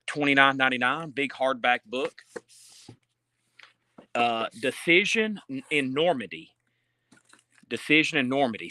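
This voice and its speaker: A man's voice: mid-range voice, pushed and bright, dry recording. A man selling books on a live stream from a store, reading out titles and prices with chatty asides, filming on a handheld phone. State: out of breath. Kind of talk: casual live sales patter. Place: indoor store.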